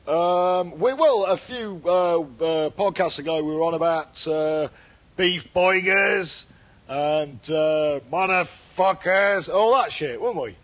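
A British man co-hosting a comedy podcast, talking in a deadpan, rambling way with lots of fillers and restarts. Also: fairly high pitch, unhurried, few pauses. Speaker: podcast co-host. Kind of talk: casual comedic podcast chat.

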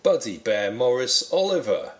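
A man playing the straight man in casual comedy banter. His voice stays mid-pitched, and his delivery is dry and steady. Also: normal speed. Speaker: co-host.

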